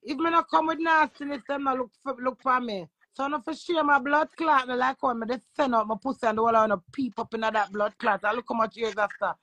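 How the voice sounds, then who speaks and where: A woman with a Jamaican accent, a social media influencer, talking loudly and boastfully in casual patois and swearing freely. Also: high voice, steady tone, quick pace, few pauses, no echo. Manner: loud, profane and boastful. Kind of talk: brash casual talk in patois.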